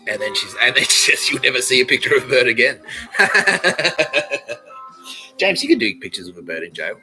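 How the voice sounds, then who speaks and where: A man hosts a comedy podcast in a loose, rambling monologue, swearing freely and breaking into laughter. His voice is very bright and sharp, with pitch that swings widely, and faint music sits behind him. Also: big pitch swings, moderate pace, low-quality recording. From Australia. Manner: profane, rambling, laughs often. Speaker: podcast host.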